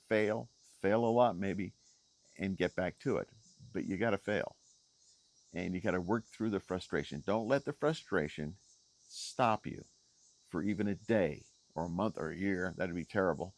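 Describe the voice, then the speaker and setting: A man's voice: a little mellow, dry recording. A middle-aged man talking straight to the camera on a selfie stick outdoors, in an emphatic, repetitive motivational vlog style. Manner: emphatic, repeats key phrases, rising pitch on stressed words. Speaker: video creator. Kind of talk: unscripted motivational vlog talk.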